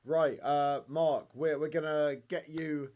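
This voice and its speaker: A man hosting a football fan phone-in, excitable and jokey, often repeating words as he talks. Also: a little high, takes it slowly. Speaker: podcast host taking calls. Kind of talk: casual football phone-in chat.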